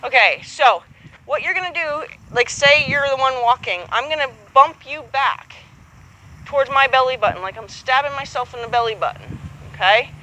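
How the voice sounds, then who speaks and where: A woman's voice: high-pitched, expressive, moderate pace, pushed and bright, poor audio. A woman coaching a horsemanship student outdoors, patient and encouraging, acting out both horse and rider as she explains. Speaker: horsemanship instructor. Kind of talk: hands-on coaching.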